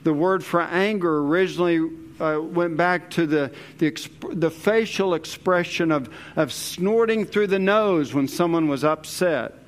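Slow, deliberate male Bible teacher. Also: fairly high pitch. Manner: slow, deliberate, leans hard on key words.

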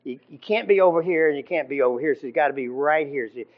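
A man teaching from the Bible in an informal sermon, halting with fillers and restarts and often clearing his throat. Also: on the high side. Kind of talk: conversational sermon. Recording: dull lo-fi recording.

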